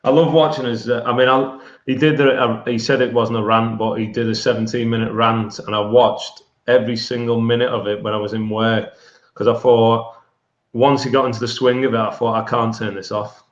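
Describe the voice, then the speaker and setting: Man, mid pitch, rambling, lots of fillers, roomy dull video-call sound. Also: flat delivery, a little fast. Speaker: livestream guest. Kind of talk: casual chat.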